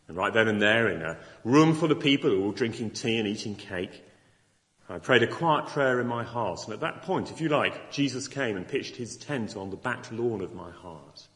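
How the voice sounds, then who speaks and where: A man's voice: on the low side, animated, brisk, a bit bright. Middle-aged guy preaching at a christmas service, earnest and chatty, voice goes up and down a lot, long hall echo. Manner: earnest, conversational, acts out imagined objections. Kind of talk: evangelistic Christmas sermon. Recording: long reverb of a large hall.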